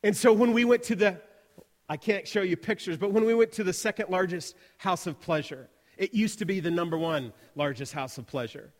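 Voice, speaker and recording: A man telling a mission story in a sermon, animated and acting out the voices of the people he quotes. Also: high voice, fairly quick. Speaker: missions speaker. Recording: long reverb of a large hall.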